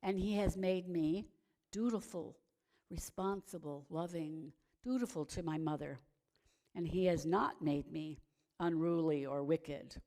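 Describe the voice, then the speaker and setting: A woman reciting the words of an infant prophet in a story, in a measured, solemn way. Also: sits low, mellow.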